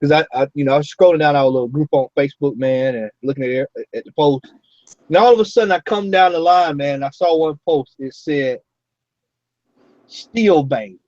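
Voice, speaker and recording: A man hosting a casual comic-book roundtable, talking, animated, laughing and repeating his words. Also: on the high side, normal speed, no echo. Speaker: podcast host. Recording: dull lo-fi recording.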